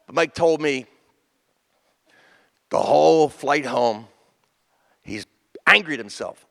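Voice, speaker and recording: A man on a comedy stage spins a tribute story, jumping into the voices of the people in it. His voice sits a bit high with a gravelly edge, and it rings out with a long hall reverb. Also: normal speed, pauses often. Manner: animated, acts out the people in his stories. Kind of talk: stand-up storytelling.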